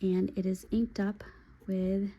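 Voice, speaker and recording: A young woman making a relaxed, chatty vlog about her pens and inks, pausing now and then as she writes. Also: mid-range voice, highs cut off. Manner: chatty and relaxed, with pauses while writing. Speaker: pen and planner video creator. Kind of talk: casual vlog talk while writing.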